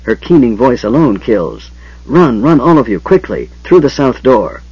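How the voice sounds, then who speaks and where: A man's voice: mid-range voice, sing-song, a little slow, a little mellow, husky, dry recording, pitched above the performer's own voice, full character voice. A man voicing a frail, bitter male mage with a hissing, whispery voice and cold warnings. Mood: urgent. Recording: dull lo-fi audiobook recording.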